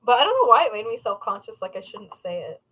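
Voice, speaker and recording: A woman's voice: mid-range voice, sing-song, fast, pushed and bright, breathy edge, rough recording. A young woman hosting a crafting livestream from home, rambling in casual chat, swearing freely and laughing at herself.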